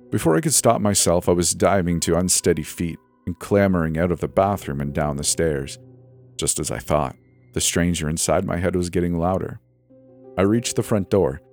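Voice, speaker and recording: Deep-voiced man narrating a horror story. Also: a little mellow. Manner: measured, dramatic storytelling. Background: faint background music.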